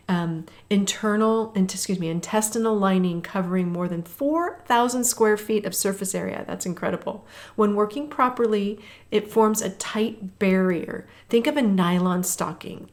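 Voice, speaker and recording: A woman's voice: medium pitch, normal speed, a little mellow. A woman in her fifties, a health coach hosting a walking workout, chatting and calling out intervals while she walks, a little breathless at times.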